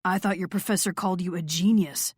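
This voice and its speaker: Lady doing a moody rock star guy, gruff and scoffy, lowish voice, dry sound. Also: steady tone, brisk, no room sound. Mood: sarcastic. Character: brooding, sarcastic male rock star, young adult. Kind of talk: audiobook character voice.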